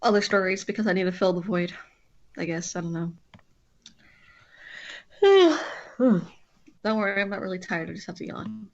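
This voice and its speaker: A woman's voice: fairly low pitch, fairly even intonation, quick pace, gravelly, lo-fi sound. A woman streamer chatting casually with a friend while drawing, rambling and often breaking off to restart her sentences.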